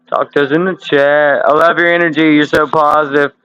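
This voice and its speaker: A man's voice: a little high, little pitch movement, fairly quick, a bit bright, clean tone, highs cut off, soft background music. A man in his thirties hosting a casual livestream from home, swearing and laughing through loose banter. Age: 30s. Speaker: livestream host. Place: home room with window air conditioner.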